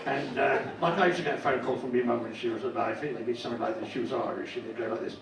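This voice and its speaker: An older man doing a stand-up comedy set, telling crude stories in a deadpan way and landing sudden loud punchlines. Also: medium pitch, rapid-fire, few pauses. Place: comedy club stage. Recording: roomy live venue, distant mic, loud crowd noise.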